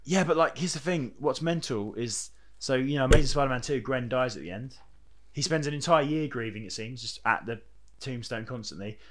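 A man's voice: mid-range voice, brisk, fairly bright tone. Man, podcast co-host, casual chat, rambling, swears freely. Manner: chatty, rambling, swears freely, lots of fillers.

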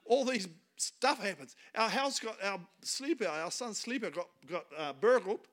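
A man's voice: sits high, animated, unhurried, fairly bright tone. A middle-aged man with a New Zealand accent, preaching as a guest speaker and telling funny stories, laughing at his own jokes. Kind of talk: storytelling sermon.

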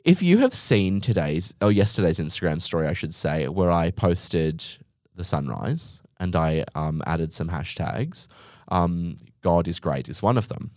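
A man's voice: deep voice, lively intonation, measured pace, darkish tone, dry recording, studio quality. A young man hosting a podcast, ranting comically with sarcasm, exaggeration and swearing. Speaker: podcast host. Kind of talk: comedic monologue rant.

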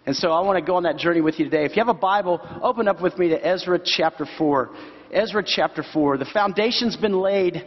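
Male pastor, high voice, chatty sermon delivery, muffled recording in a big echoing sanctuary. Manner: conversational preaching with emphatic slow repeats. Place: church sanctuary. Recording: dull sound with long hall reverb.

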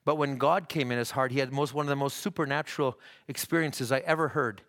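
A male pastor with a medium-pitched voice preaches a sermon in church, his fairly even intonation building to fervent shouts. He often halts and restarts his lines.

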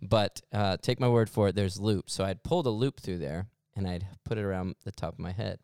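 A man's voice: sits low, fairly even intonation, a little fast, a little mellow, clean tone, no room sound, clean studio sound. A young man, a podcast co-host, telling a rambling, self-deprecating story in casual chat and laughing often.

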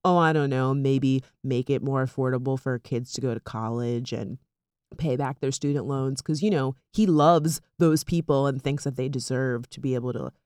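A woman's voice: very deep voice, normal speed, warm tone, no room sound, studio quality. A woman chatting casually and animatedly about politics, sarcastic and full of fillers.

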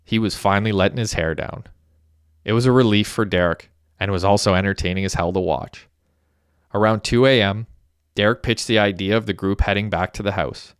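A man reading a story aloud as a narrator, in a steady, even storytelling manner. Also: on the low side, fairly quick, clean tone, no echo, studio quality. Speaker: audiobook narrator. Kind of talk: scripted narration.

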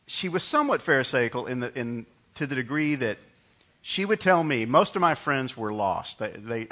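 A preacher from New York delivers a sermon, telling stories casually and restarting his sentences as he goes. His voice is bright and forceful. The recording is a little dull and lo-fi. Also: medium pitch. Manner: conversational storytelling with frequent restarts. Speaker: pastor.

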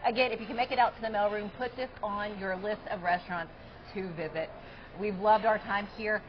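A woman's voice: medium pitch, fairly even intonation, brisk, lo-fi sound, a little hiss or hum. A woman hosting a local TV show, chatting upbeat with a restaurant owner while tasting dishes on location. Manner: upbeat, chatty, describing food as she tastes. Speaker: TV show host. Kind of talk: casual on-location interview. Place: restaurant dining room.

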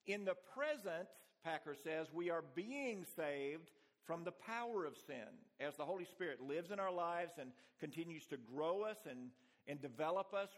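Male pastor, earnest church sermon, a bit higher voice, leans on repeated phrases. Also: fairly bright tone.

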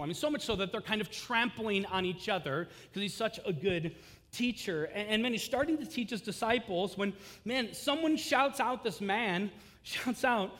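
A man preaching a sermon as pastor, impassioned, rising loud on key lines and dropping low after. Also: long reverb tail.

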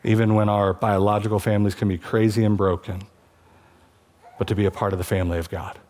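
A man's voice: lowish voice, level tone, fast, darkish tone. A male pastor preaching a sermon to his church, conversational and passionate, rising to emphatic peaks.

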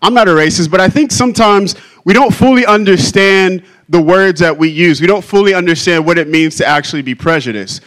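Male pastor, high voice, casual joking preacher at the pulpit. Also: a little fast, few pauses, fairly bright tone, poor audio. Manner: joking, self-deprecating, conversational. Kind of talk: sermon.

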